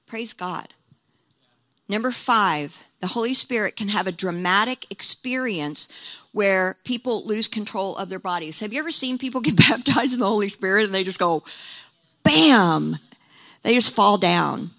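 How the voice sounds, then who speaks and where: A woman preaching, her voice bright and forward. She is animated and laughs often, and she acts out quotes as she tells stories from the pulpit. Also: medium pitch, normal speed. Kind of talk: sermon.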